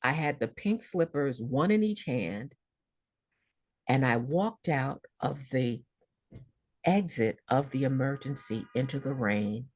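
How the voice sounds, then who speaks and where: Low-voiced woman telling a vivid story. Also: slow pace, no room sound, clean studio sound. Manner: vivid, expressive storytelling with repeated words. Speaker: guest storyteller. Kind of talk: personal storytelling in a podcast interview.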